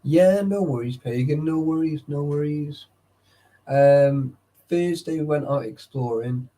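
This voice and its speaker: A man's voice: on the high side, a little slow, mellow. A young man chatting casually with live viewers, tired and sleepy, swearing often and greeting chatters by name. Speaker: livestreamer.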